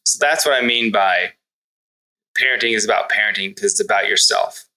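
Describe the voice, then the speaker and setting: Guest: thirties man, bright forceful tone, reflective parenting coach, casual podcast talk. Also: on the low side, brisk, low-quality recording. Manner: earnest and reflective, with self-corrections. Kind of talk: conversational podcast interview.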